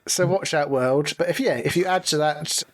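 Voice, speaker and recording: A man from England co-hosting a podcast. He sounds laid-back and pokes fun at himself, telling his stories in a relaxed way with a voice slightly above an average man's pitch. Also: moderate pace. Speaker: podcast co-host. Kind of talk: casual chat.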